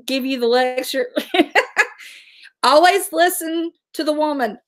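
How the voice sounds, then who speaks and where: A woman's voice: high voice, takes it slowly, pauses often, fairly bright tone. A middle-aged woman, hosting a casual livestream, chatting and answering viewer comments. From West Virginia, USA. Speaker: livestream host.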